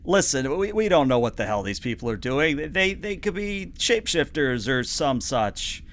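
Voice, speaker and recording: A man's voice: on the high side, big pitch swings, moderate pace, fairly bright tone, slight background noise. Brief: a man voicing a blunt, trigger-happy giant warrior woman for a tabletop game. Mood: suspicious. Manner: blunt, brusque. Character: tall red-skinned horned soldier woman, suspicious, trigger-happy.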